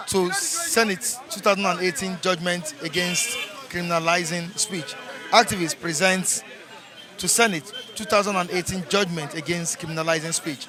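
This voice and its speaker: A man reviewing the newspaper front page, reading each headline twice in a slow, emphatic way. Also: sits high, bright, forceful tone, a faint crowd. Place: outdoors in a city.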